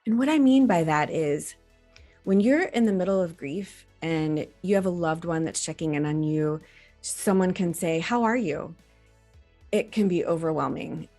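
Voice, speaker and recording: A woman doctor in her forties, giving an educational talk to camera in an earnest, gently instructive way. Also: lowish voice, normal speed, faint music behind. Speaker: reproductive endocrinologist.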